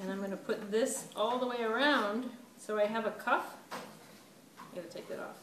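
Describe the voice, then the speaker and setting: A woman's voice: mid-range voice, unhurried, long pauses. A woman art teacher giving a casual, chatty clay demonstration to a class, laughing at her own mistakes. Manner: chatty, self-deprecating, laughs often. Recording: roomy, distant camera mic with background noise.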